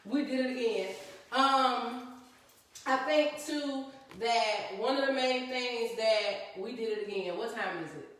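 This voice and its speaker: A woman's voice: on the high side, unhurried, very echoey, far from the mic, rough recording. A woman co-hosting a live talk stream, chatting casually and laughing often as she acts out friends' voices. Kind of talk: casual chat to a live audience.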